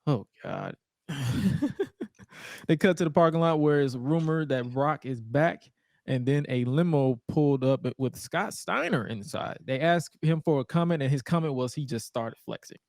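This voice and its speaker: A man's voice: on the high side, normal speed, darkish tone, no echo. Laid-back joking man, dry sound. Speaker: podcast co-host. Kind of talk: casual wrestling recap chat.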